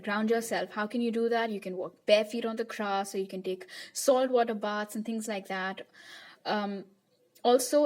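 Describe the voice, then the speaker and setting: A woman's voice: mid-range voice, darkish tone. A young woman giving a pick-a-card tarot reading to her viewers in a chatty, reassuring way. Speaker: tarot reader.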